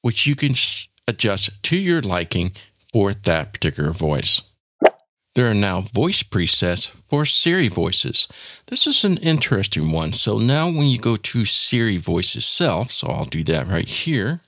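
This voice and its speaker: A man hosting a casual software tutorial, explaining each step in an informal, demonstrative way. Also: on the low side, sing-song, unhurried, no room sound, clean studio sound. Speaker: tech tutorial host.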